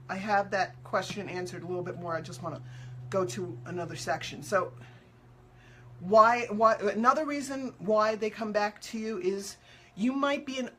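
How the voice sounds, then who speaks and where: A woman's voice: medium pitch, a bit bright, slightly rough. Chatty, upbeat woman host. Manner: chatty and upbeat, acting out quotes playfully; loose, repetitive phrasing with fillers. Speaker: animal communicator hosting a show. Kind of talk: casual live talk answering viewer questions.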